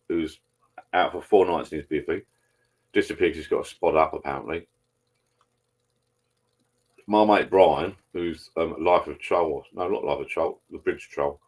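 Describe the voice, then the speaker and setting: Bloke, deep husky voice, rambling live-stream host chatting to viewers over a pint. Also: male voice. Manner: chatty, meandering, swears casually. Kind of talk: casual rambling chat with viewers over beers.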